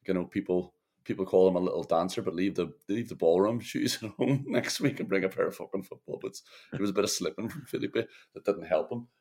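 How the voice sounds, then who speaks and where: A man's voice: low-pitched, a little fast, a little mellow. A man co-hosting a football podcast, chatting bluntly with swearing and laughs. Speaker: podcast co-host. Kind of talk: casual football chat.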